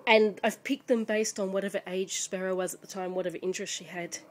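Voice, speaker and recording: Mid-pitched woman, chatty home vlog to camera, rambling delivery with restarts. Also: fairly even intonation, fast talker, a little hiss or hum. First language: English. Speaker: parent showing children's books. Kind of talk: casual show-and-tell chat. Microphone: camera mic.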